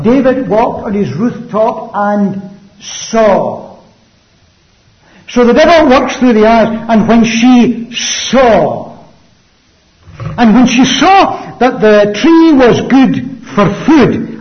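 A man preaching a sermon emphatically, with rhetorical questions and swings between loud and hushed delivery. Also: sits high, very animated, slow pace. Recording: dull lo-fi sound.

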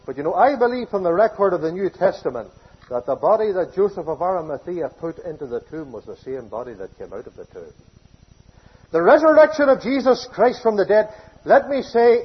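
Male preacher, emphatic sermon, high lively pitch, lo-fi recording. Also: moderate pace, slightly rough. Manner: emphatic preaching, swings between loud declarations and hushed phrases.

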